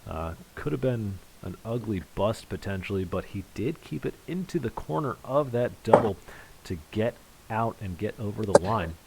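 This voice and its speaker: A man's voice: fairly low pitch, lively intonation, moderate pace, vocal fry, noisy background. A man commentating live on an online darts match, calling scores and reading out viewer chat in a conversational way. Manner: voice rises sharply on big finishes.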